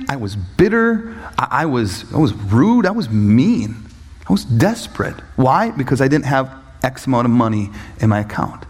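A man preaching a sermon as he tells a personal story, acting out voices and leaping up in pitch when excited, laughing at times. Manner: animated storytelling, acts out voices, jumps high when excited. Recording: echoey hall reverb.

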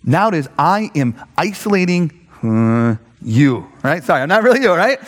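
A man preaching a conversational sermon, animated and full of fillers, often checking in with "right?". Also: on the high side, moderate pace, few pauses. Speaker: pastor. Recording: long hall reverb.

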